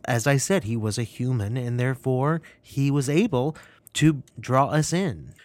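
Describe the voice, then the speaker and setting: A man's voice: mid-range voice, unhurried. A man giving opinionated film commentary who speaks in an indignant, emphatic way and often repeats himself. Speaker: film reviewer.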